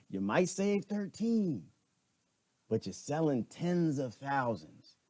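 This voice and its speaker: A man delivers a lively, preachy opinion monologue with a wry edge. His pitch rises and falls widely as he talks. The sound is dry and close, with no room around it. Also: dry recording. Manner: preachy, wry, acts out voices. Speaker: commentator.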